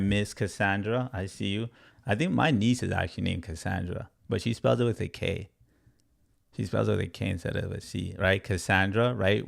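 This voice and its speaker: A man's voice: on the low side, vocal fry. A man in his thirties, a crypto trading educator, talks casually and animatedly to a livestream chat, tagging "right?" and "you guys" onto nearly every line.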